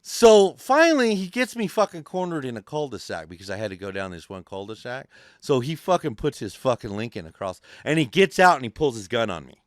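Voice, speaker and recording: A man on a podcast spins a story with a lively voice that jumps up and down in pitch, cursing at every turn and acting out the people in it. His voice is smooth and full, and the room is dry and close. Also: fairly quick, dry recording. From California. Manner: animated, swears constantly, acts out voices in his stories. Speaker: podcast host. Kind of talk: casual profane storytelling. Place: podcast studio.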